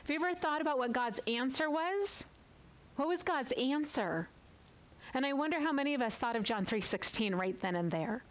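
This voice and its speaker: A woman giving a tender, earnest Bible teaching for women and closing in prayer, slowing down as she reads scripture. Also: sits high, poor audio.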